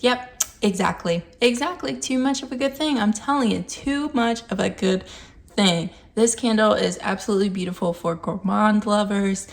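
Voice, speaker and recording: A woman's voice: mid-range voice, moderate pace, gravelly. A woman chatting casually to camera as she reviews a scented candle, emphatic and playful. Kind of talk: casual vlog chat.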